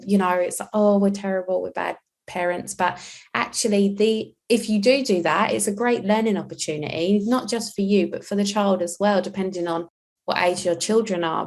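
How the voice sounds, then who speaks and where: A woman hosting a podcast conversation about parenting, talking in an earnest, reflective way as a mother. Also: medium pitch. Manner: earnest and reflective, acting out quoted lines.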